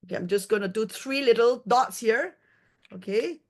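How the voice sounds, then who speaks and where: A woman's voice: a little high, normal speed. Woman chatty skincare demonstrator on a video call. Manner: chatty, explaining step by step, checking in with "okay?". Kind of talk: live product demonstration.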